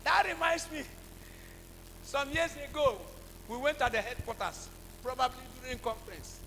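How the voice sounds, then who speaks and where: A Nigerian pastor with a high-pitched voice preaches in call-and-response fashion, dropping to low talk and then bursting into shouts. His voice carries a long reverb from a large church hall, with a faint hum underneath. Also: expressive, moderate pace. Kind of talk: sermon.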